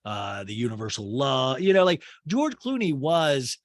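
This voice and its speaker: A man's voice: medium pitch, very animated, a little slow, dry recording. A man recaps an episode as podcast host, rambling with plenty of filler words. His delivery swings up and down with animation, and the recording is dry and close.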